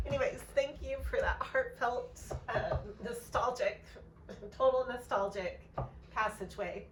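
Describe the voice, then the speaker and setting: A rambling, soft-hearted woman talks through a tarot reading in a casual vlog, filling her pauses with ums. Her voice sits a little away from the mic, with a faint hiss of background noise. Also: a little high, recorded from a distance, poor audio. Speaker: tarot reader.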